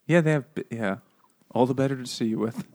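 A man's voice: mid-range voice, a little fast, a little mellow. A man casually discussing a novel with a friend, rambling, swearing and laughing often. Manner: rambling, laughing, profane, slips into mocking voices.

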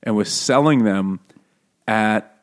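A man's voice: on the low side, takes it slowly. A man co-hosting a book club podcast in casual chat, joking, swearing freely and laughing often.

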